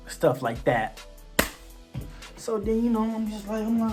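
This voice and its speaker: A young man telling a personal story on his vlog in casual slang. He is animated and acts out the dialogue. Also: high-pitched, measured pace, music in the background. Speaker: vlogger.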